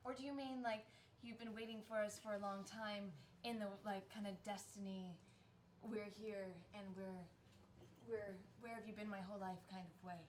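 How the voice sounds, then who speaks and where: A woman's voice: mid-range voice, steady tone, a little hiss or hum, close to an everyday voice. A woman playing a rambling, flustered princess. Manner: rambling, fast, apologetic. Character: flustered chatty young princess. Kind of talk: tabletop role-play in character.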